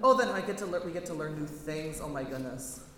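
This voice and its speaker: A man's voice: on the high side, brisk, bright, forceful tone. A man leading a choir rehearsal, chatty and detailed, correcting himself as he goes through the score. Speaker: choir director. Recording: echoey hall, faint noise.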